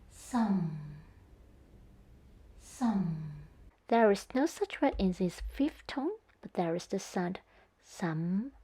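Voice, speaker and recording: A woman narrating a scripted language lesson, speaking carefully and demonstrating tones one by one. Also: mid-range voice. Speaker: Cantonese teacher.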